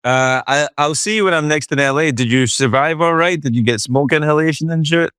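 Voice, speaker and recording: A man's voice: a little high, fairly quick, a bit bright, clear, resonant tone, no echo, studio quality. A man hosting a podcast in casual chat, joking and swearing freely while on a remote call. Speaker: podcast host. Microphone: remote call, he is far from his guest.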